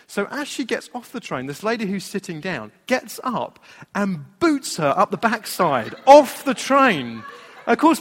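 Pastor preaching in an echoing hall. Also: male voice, on the high side. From Britain. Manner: storytelling, animated, laughing at his own anecdote. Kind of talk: sermon with a personal story. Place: church hall. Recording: long hall reverb.

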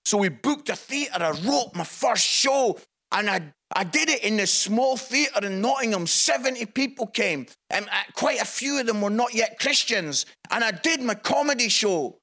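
A man, a Christian comedian, telling a story in an animated, exclamatory way. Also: sits high, moderate pace. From Scotland.

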